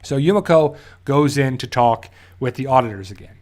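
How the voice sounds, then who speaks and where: A man's voice: medium pitch, lively intonation, normal speed, darkish tone. A man casually recapping a TV episode, rambling and correcting himself as he goes. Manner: rambling, self-correcting, loosely paraphrases scenes. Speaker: TV show reviewer.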